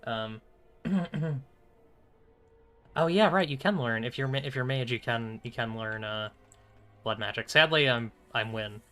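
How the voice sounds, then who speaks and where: Bright-voiced joking streamer man. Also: mid-range voice, measured pace, long pauses, soft background music. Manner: casual, joking, laughs often, swears. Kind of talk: live gaming commentary.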